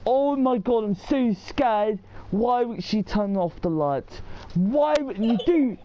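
A woman commenting on a horror game as she plays it, exclaiming and complaining and turning her sentences into questions. Her voice sits high and her words come slowly. The recording is noisy, with clicks. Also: animated, dark tone. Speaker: gamer.

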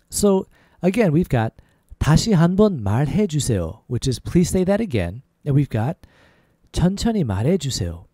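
A man's voice: a little high, no echo, clean studio sound. Casual male podcast language teacher. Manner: repeats phrases slowly, then faster, for drilling; relaxed, casual teaching with many "like" fillers.

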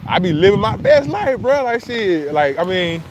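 High-voiced man chatting loosely on a livestream. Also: very animated, moderate pace, dull audio, background noise. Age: middle-aged. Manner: loose, profane, laughing often, talking back to chat comments. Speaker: livestream host. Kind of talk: casual livestream chat. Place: outdoors at a beach.

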